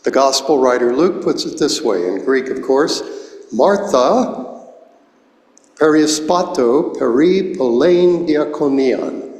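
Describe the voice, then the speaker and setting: A man in his seventies preaching a sermon as pastor, explaining words slowly and deliberately, recorded in a church sanctuary. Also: mid-range voice, a little mellow. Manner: slow, deliberate, explains Greek words one at a time. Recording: echoey church hall, long reverb.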